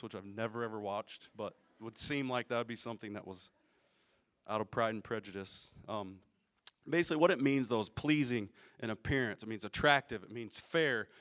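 A man's voice: medium pitch, brisk, fairly bright tone. A man preaching a sermon in a casual, explanatory way, often checking in with his listeners and asking them questions. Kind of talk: conversational sermon.

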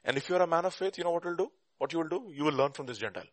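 A man preaching a sermon and teaching a Bible class, emphatic, with rhetorical questions and bursts of loud stress. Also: on the high side, lively intonation, rapid-fire, no room sound.

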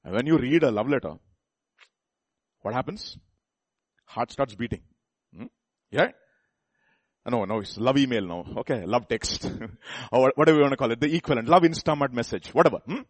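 A man's voice: mid-range voice, animated, moderate pace, long pauses, no echo. A man preaching a sermon in a conversational way, often asking the congregation questions and restarting his sentences.

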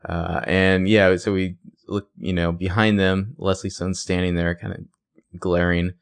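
A man with a low voice talks through a TV episode in a casual podcast chat. He is playful and animated as he retells scenes. The sound is dry and close, with no room around him. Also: unhurried, gravelly, dry recording. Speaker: podcast co-host.

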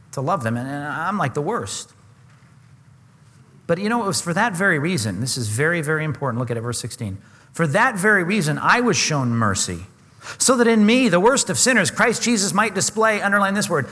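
Emphatic preacher in a reverberant hall. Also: male voice, a little high, sharp tone, breathy edge. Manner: earnest, emphatic, asks the congregation questions. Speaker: pastor. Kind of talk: sermon.

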